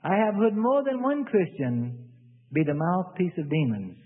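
A man preaching a sermon in an animated way, acting out the voices of people praying. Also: sits high, unhurried. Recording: phone-like sound in a reverberant hall.

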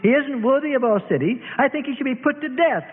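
Brief: blunt, indignant middle-aged woman witness, played by a male reader, high lively voice. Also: a little fast, slightly rough, full character voice. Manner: blunt, snappish. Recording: tinny, reverberant phone-like audio.

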